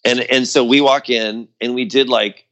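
A man telling a story about his old band in casual chat, acting out quotes in a higher voice, with lots of fillers. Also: fairly even intonation, moderate pace, a bit bright. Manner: loose and chatty, many fillers like "like" and "you know". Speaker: guest musician.

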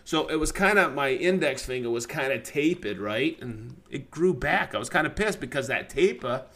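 A man telling a near-miss woodworking story on a podcast in a lively, profane, laughing manner. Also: mid-range voice, normal speed.

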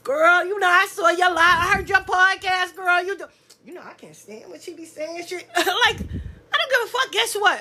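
Brash, high, lively woman ranting. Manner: blunt, profane, animated, acts out other people's voices. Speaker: podcast host. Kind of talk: casual solo podcast rant.

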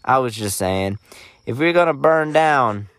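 A young man co-hosting a podcast, telling stories casually, with lots of laughter and loud acted-out quotes. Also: measured pace, no room sound, clean studio sound. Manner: animated, acts out quotes in loud high voices, laughs often. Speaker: podcast co-host. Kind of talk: casual storytelling chat.

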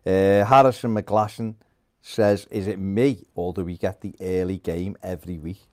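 A man's voice: sits low, fairly even intonation, moderate pace, darkish tone. A man co-hosting a casual live chat, reading out viewer comments in an offhand way. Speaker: co-host.

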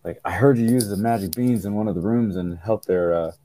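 A man's voice: fairly low pitch, fairly quick, dark tone. A tired man hosting a podcast, telling rambling stories with laughs and many restarts over a video call. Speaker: podcast host. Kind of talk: casual chat.

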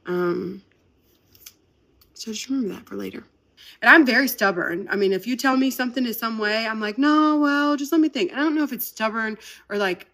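In casual conversation on her own podcast, a talkative, upbeat woman in her 30s who owns a business speaks at a medium pitch with a slightly bright tone.

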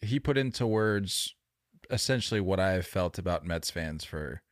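A man's voice: low voice, normal speed, no echo, clean studio sound. Opinionated man co-hosting a podcast. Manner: animated, opinionated banter. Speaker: podcast co-host. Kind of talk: casual chat.

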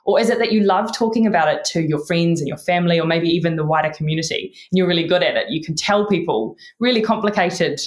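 A woman's voice: on the low side, fast, hardly any pauses. A woman with a New Zealand accent, a neuroscientist answering interview questions in an earnest, encouraging way. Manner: warm, earnest, often says "really". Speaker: neuroscientist guest. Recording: roomy echo.

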